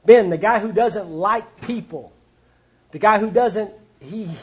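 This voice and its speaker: A man's voice: sits high, a little slow, darkish tone, breathy edge. A man speaking at a recovery group meeting, telling his story in a blunt, plainspoken way with wry humor. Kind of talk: personal testimony talk.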